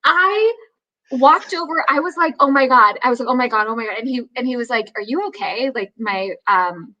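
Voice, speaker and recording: Bright, animated young woman telling stories. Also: sits high, fairly quick, lo-fi sound. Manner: animated storyteller, acts out quoted voices, laughs often. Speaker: actress guest. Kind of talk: casual interview chat.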